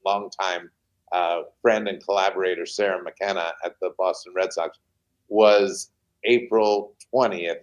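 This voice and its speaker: Animated storytelling man, remote call. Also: sits low. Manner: animated anecdotes with frequent pauses and fillers. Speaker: baseball team president, guest. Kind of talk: interview storytelling.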